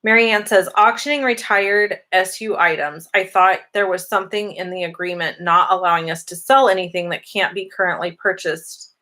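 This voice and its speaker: A woman's voice: on the low side, steady tone, normal speed, bright, forceful tone. A woman hosting a casual live Q&A, chatty and upbeat as she reads out viewer comments and answers them. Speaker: host answering viewer questions. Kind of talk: casual live-stream Q&A chat.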